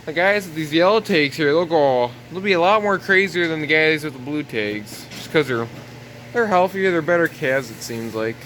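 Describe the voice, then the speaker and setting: A man's voice: a little high, animated, normal speed, a bit bright, slight background noise. Easygoing young farmer touring his barn. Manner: easygoing, rambling with many "so yeah" fillers. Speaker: farm vlogger. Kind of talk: casual walk-through tour. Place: inside a barn on a farm.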